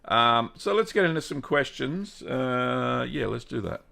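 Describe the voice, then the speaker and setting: A man with an Australian accent hosting a live stream, greeting viewers one by one in a relaxed, chatty way. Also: medium pitch, unhurried, vocal fry. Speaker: host of a cheese-making livestream. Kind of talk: casual live-stream chat.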